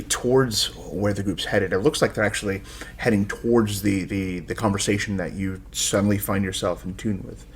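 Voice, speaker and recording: A man's voice: low-pitched, slight background noise. A man narrating as game master of a tabletop role-playing game, describing scenes with frequent searching for words.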